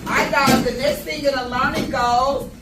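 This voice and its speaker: Woman teacher quizzing her class, kinda high voice, far off in an echoey room with lots of noise. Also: steady tone, moderate pace. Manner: calls out prompts and praise to a class. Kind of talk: classroom phonics lesson.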